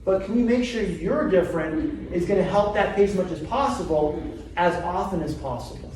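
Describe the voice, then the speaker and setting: A middle-aged man, a chiropractor teaching a live seminar, who keeps quizzing his audience with quick questions. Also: sits high, a little mellow. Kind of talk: live seminar talk to a group. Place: seminar room. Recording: very echoey room, from far off, faint noise.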